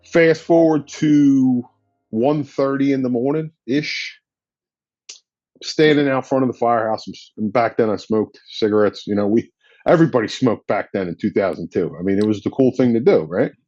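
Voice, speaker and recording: A man's voice: mid-range voice, moderate pace, a little mellow, no room sound, muffled recording, faint music behind. A man, a firefighter guest, telling a story in a blunt, casual way with slang and swearing. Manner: blunt and profane, drops in slang.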